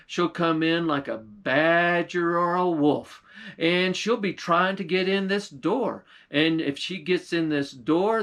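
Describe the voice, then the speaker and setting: A man's voice: a little high, fairly bright tone. A man voicing a sad talking cat-girl. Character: enchanted young woman turned into a talking cat.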